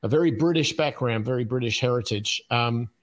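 An Australian man in his fifties tells his life story as a guest on a podcast in a casual interview. His medium-pitched voice takes its time, full of ums and uhs and easy chuckles.

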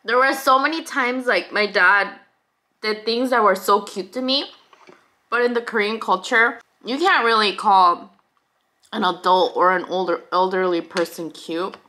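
A woman's voice: mid-range voice, unhurried, bright, forceful tone. A young woman hosting a mukbang, chatting casually and confidingly to viewers while she eats, with frequent laughs. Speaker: mukbang host.

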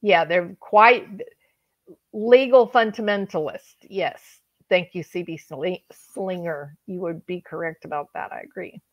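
A woman's voice: fairly low pitch, measured pace, no room sound, rough recording. A woman hosting a livestream, chatting and joking with her viewers. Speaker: livestream host. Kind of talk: casual chat.

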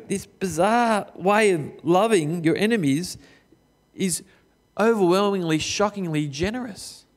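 A middle-aged man preaching a sermon in a conversational way, putting questions straight to his listeners and sometimes slowing down for emphasis. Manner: lively swings of pitch, sometimes slow and emphatic. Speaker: pastor.

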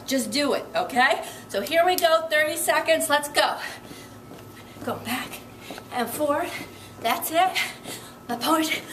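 Breathless, high-voiced woman fitness instructor. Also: fairly bright tone, reverberant, far from the mic, a little hiss or hum. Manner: upbeat, encouraging, counts reps while exercising. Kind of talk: workout instruction. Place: indoor room with carpeted floor.

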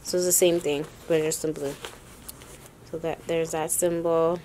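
A woman's voice: low voice, little pitch movement, a little slow, mellow, a little hiss or hum. A young woman casually vlogging a sneaker haul, chatty and rambling, talking to her viewers and short of breath. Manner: chatty, addresses viewers as y'all, rambling asides.

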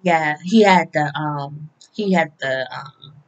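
A woman's voice: low-pitched, slow pace, low-quality recording. A woman casually recapping a week of soap opera episodes, chatty and often laughing, with occasional swearing.

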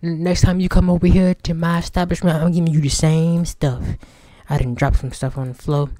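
A man's voice: a little high, level tone, brisk, warm tone, no room sound. A young man giving casual let's-play commentary, joking and talking back to the game's characters. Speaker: gaming streamer.

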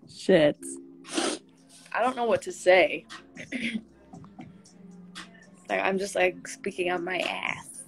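A young woman hosting a casual livestream, soft-spoken and laid-back, giggling now and then as she chats into her phone. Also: mid-range voice, lively intonation, extremely slow, pauses often, soft background music. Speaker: livestream host. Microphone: phone held close.

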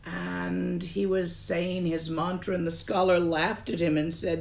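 Woman teaching buddhism, gravelly voice, calm and emphatic, says things twice. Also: lowish voice, a little slow. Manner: calm, emphatic, repeats key phrases. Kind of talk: slow, deliberate dharma teaching.

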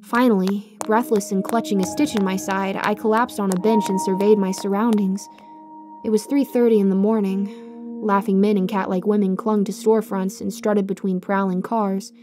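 A woman giving scripted horror story narration in a measured, hushed, suspenseful way. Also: medium pitch, fairly even intonation, music in the background.

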